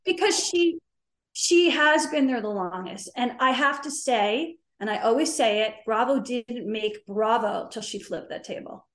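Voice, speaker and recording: A woman's voice: a little high, expressive, measured pace. A woman from New Jersey, a podcast guest, talking candidly and emphatically with lots of fillers. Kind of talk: casual chat. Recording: roomy echo.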